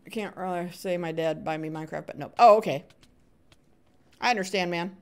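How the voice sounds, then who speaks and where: A woman's voice: lowish voice, brisk, a little mellow. A woman streaming a game live, chatting with viewers, cheering on other players and humming little sound effects as she plays. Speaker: gaming streamer. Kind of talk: live Minecraft stream commentary.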